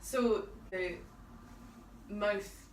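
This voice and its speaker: A woman's voice: medium pitch, extremely slow, roomy sound, distant mic, slight background noise, rough recording. A woman with a Scottish accent teaching a one-to-one singing lesson, explaining technique and encouraging her student. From Scotland. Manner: encouraging, demonstrates notes by singing.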